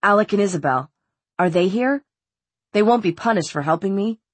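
A woman's voice: medium pitch, lively intonation, moderate pace, no room sound, close to an everyday voice. A woman reading an audiobook, voicing a defiant, sarcastic teenage boy. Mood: wry. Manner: curt and sarcastic.

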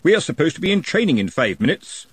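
A man with a husky voice voicing a huge, touchy working man who blusters and asks loud, blunt, indignant questions. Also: a little high, sing-song, quick pace, no room sound, voice pushed up. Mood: blustering.

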